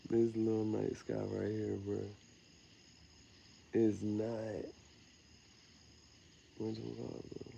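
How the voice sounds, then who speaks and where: A young man talks to himself outdoors on a quiet night, drifting from thought to thought in loose slang. His voice sits low with a gravelly rasp, and now and then he chuckles at his own phrasing. Crickets chirp softly behind him. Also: monotone, slow pace, long pauses, dull audio, slight background noise. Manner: meandering, slangy, laughs at himself. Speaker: vlogger. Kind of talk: rambling late-night monologue.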